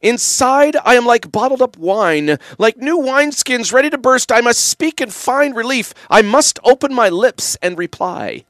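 A man putting on a mock-dramatic impression of a male politician, declaiming scripture in a grand, drawn-out way. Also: very high-pitched, lively intonation, a bit bright, dry recording, studio quality, pitched above the performer's own voice. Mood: theatrical.

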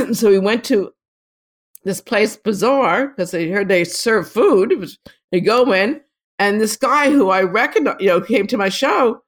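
A woman photographer in an interview, telling long rambling stories with many restarts and lively quotes of other people. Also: medium pitch, measured pace. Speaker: photographer guest. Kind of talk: casual storytelling interview.

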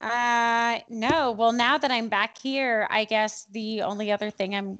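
Woman gamer, slow talker, kinda high, swears a lot. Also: fairly even intonation, a bit bright, muffled recording. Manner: sassy, swearing. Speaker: player. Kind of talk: casual tabletop play.

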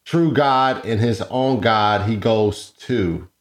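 A man putting audience questions to the debaters, reading them out and slowing on Greek terms. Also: lowish voice. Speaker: moderator relaying questions.

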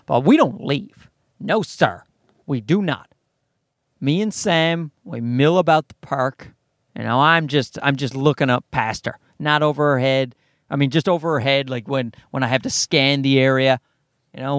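A man's voice: on the high side, no echo, clean studio sound. A man, likely in his thirties, telling a comic story as a profane, exasperated rant.

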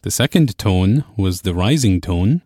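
A man teaching a language lesson, explaining clearly and patiently. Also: low-pitched, lively intonation, unhurried, warm tone, dry recording, studio quality. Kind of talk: scripted lesson narration.

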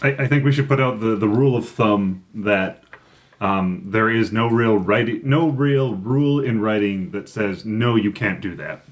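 A man's voice: on the low side, moderate pace. A man co-hosting a podcast in casual chat, talking loosely with frequent laughs and restarts. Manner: chatty, laughs often, restarts sentences. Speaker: podcast co-host.

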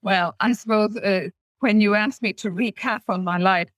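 An Irish woman speaking as a podcast guest, gentle and unhurried, now and then restarting her words. Her voice sits at a middling pitch. The sound is dry and close. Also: dry recording, low-quality recording. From Ireland. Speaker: guest, author. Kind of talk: interview storytelling.

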